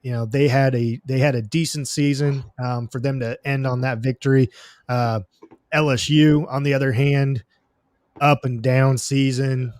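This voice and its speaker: A man's voice: medium pitch, steady tone, moderate pace, darkish tone, no room sound, clean studio sound. A man hosting a casual sports podcast, talking in an easygoing way with lots of fillers and plugging the next episode. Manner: easygoing, many fillers, promotes upcoming show. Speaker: podcast host.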